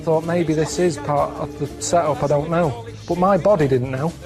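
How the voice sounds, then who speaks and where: A man telling rambling stories in a deadpan way during casual comedic chat on a radio show. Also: a little high, moderate pace, music in the background.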